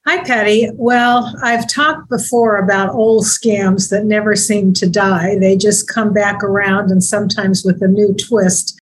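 A woman speaking as a deputy district attorney on a public-service talk segment, measured and grave, slowing down when she reads aloud. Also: mid-range voice, steady tone, husky, low-quality recording.

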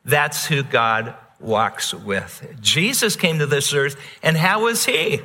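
An earnest pastor delivers a sermon, repeating key words and swinging between hushed passages and emphatic ones. His voice is bright and forward, his delivery slow and deliberate. The sound carries a long reverb, as in a church hall. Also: mid-range voice, lively intonation.

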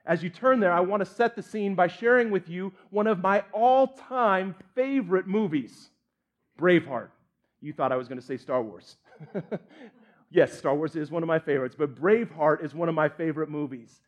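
A man's voice: high voice, animated, normal speed. A man pastor preaching a sermon in an earnest, candid way with light humor.

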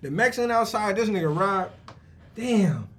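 High-voiced barber telling a wild story. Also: male voice, animated, moderate pace, a little hiss or hum. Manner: acts out every voice in his stories, slangy. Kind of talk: animated storytelling.

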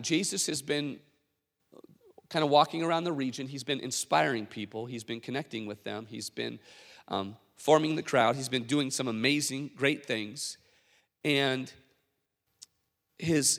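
A man preaching a sermon as a pastor, telling stories in a conversational, animated way with many fillers. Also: fairly high pitch, vocal fry, in a large hall.

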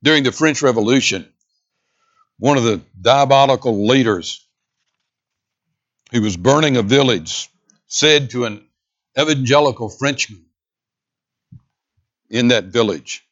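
Brief: male pastor, emphatic sermon delivery, dramatic pauses, middle pitch, slightly muffled church recording. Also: animated. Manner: emphatic, dramatic pauses, swings between loud and hushed. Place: church sanctuary.

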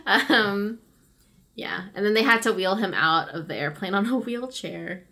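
A woman's voice: mid-range voice, a little slow, bright, forceful tone. A woman in casual chat, telling rambling stories and laughing often. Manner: giggly, rambling storyteller.

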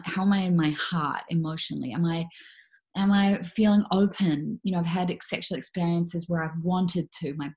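A young woman speaks as an interview guest in a low voice. She talks frankly and reflectively, circling back on her words with fillers and restarts. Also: gravelly, darkish tone. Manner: frank, reflective, many fillers and self-corrections. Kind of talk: candid conversational interview.

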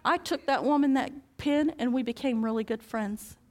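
A woman with a high voice preaches to her congregation and tells a personal story. She acts out the dialogue with animated swings and laughs often as she goes. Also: normal speed.

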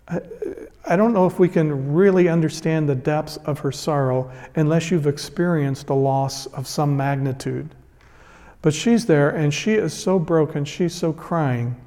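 A man's voice: fairly high pitch, dark tone, long reverb tail. A man preaching a sermon as a pastor, retelling a scripture story in an earnest, emphatic way.

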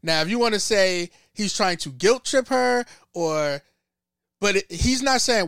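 A man co-hosting a casual podcast, pressing his argument and acting out what others would say. His voice is bright and smooth, set slightly high. The sound is dry and close. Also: animated, measured pace, dry recording. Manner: argumentative, repeats phrases, acts out quotes. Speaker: podcast co-host. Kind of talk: casual debate chat.

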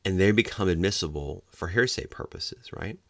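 A middle-aged man teaches police officers about hearsay in a lecture. His voice sits extremely low and has a gravelly fry. He explains patiently and breaks into loud, acted-out quotes, recorded dry and close. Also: moderate pace, no echo. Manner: explanatory, acts out quoted examples with sudden loud outbursts. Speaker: legal trainer for law enforcement.

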